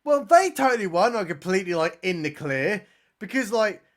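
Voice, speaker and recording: A man's voice: high voice, very animated, normal speed. A man giving a sarcastic, comedic recap of a film, full of mocking exaggerated outbursts. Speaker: movie reviewer.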